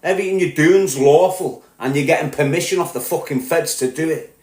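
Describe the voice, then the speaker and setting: A man with a Liverpool accent delivering a heated, profane solo rant as a podcast host, growing louder as he goes. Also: on the high side, fairly quick, echoey room. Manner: heated, sweary, rising to shouting. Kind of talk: angry monologue rant.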